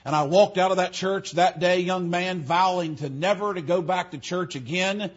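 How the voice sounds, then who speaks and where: A man delivers a sermon in a high, husky voice. He rambles into stories and circles back to repeat his key phrases. The recording sounds dull and lo-fi. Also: moderate pace. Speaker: preacher.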